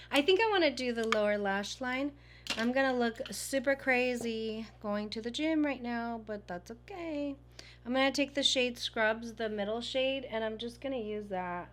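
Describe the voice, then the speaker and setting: A woman's voice: fairly high pitch, fairly bright tone. A woman talking casually through a makeup tutorial, gushing and chatty with lots of fillers. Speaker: beauty vlogger.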